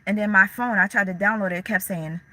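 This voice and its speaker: A woman's voice: medium pitch, steady tone, fast, sharp tone, dry recording, poor audio. A young woman hosting a casual livestream, talking candidly in slang and answering viewers' chat comments as they come in. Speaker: livestream host.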